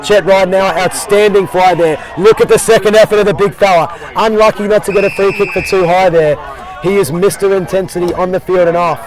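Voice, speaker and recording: A man calling an Aussie Rules match as play-by-play commentator, jokey and excitable, working outdoors at the ground. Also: high voice, a little fast, poor audio. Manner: jokey, excitable, repeats "I'll tell you what". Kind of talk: sports commentary. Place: outdoor sports field. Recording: crowd noise behind outdoor commentary.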